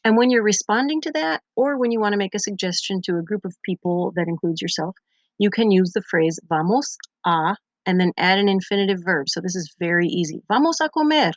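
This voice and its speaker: A woman's voice: medium pitch, a little fast, dry recording. A Spanish teacher, a young woman, patiently explaining grammar step by step over her slides in a recorded lesson. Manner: patient, methodical explaining with examples.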